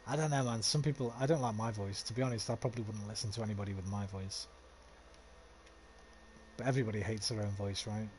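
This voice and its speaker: A man's voice: on the low side, fairly even intonation, quick pace, a little mellow, slight background noise. A man with a West Midlands accent giving casual, rambling commentary while streaming a game, swearing freely. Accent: West Midlands English.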